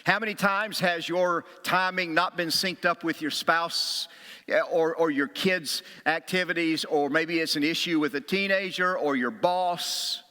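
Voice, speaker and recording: A man's voice: on the high side, a little slow. A middle-aged man preaching a sermon as a pastor, telling stories and acting out quotes with a raised voice or a whisper. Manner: animated storytelling, acts out quotes with a raised voice or a whisper. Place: church sanctuary. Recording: long hall reverb.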